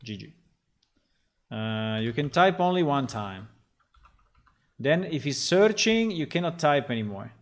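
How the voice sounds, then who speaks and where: Muttering to himself while he works on his game on a livestream, a man rambles casually and swears when things frustrate him. He speaks unhurriedly in a sing-song, medium-pitched voice, pausing often.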